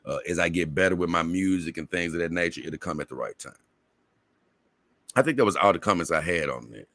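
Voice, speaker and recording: A man's voice: low-pitched, lively intonation, brisk, a bit bright, dry recording. A man with a Southern US accent hosting a casual livestream, reading viewer comments in a rambling way, repeating words and laughing often. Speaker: livestream host.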